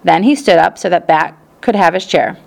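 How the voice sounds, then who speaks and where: A woman narrates an audiobook in a steady, even storytelling voice. Her tone sits fairly low and has a gravelly texture. Her delivery is calm and measured.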